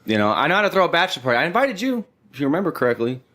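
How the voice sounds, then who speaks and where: A young adult man hosting a podcast, telling stories in an animated, profane way and saying "dude" and "bro" a lot. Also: on the high side, very fast. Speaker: podcast host. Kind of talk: casual storytelling chat.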